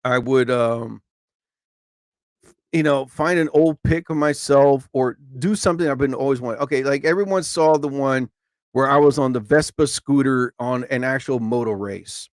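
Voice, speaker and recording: A middle-aged man hosting his own live stream, chatting casually and acting out what people said in high, mocking voices. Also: normal speed, dry recording, clean studio sound. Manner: animated, acts out quotes in high voices.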